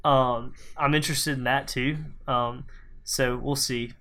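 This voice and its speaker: A man's voice: mid-range voice, fairly even intonation, measured pace, sharp tone. A man co-hosting a video game podcast in casual chat, talking loosely with many fillers and restarts. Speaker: podcast co-host.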